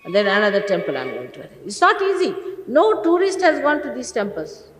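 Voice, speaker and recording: A woman's voice: fairly high pitch, very animated, fairly quick, big-room sound, a crowd in the background, low-quality recording. A woman in her sixties, a spiritual teacher sternly scolding a gathering of followers with exasperated rhetorical questions, on an archival talk recording. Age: 60s.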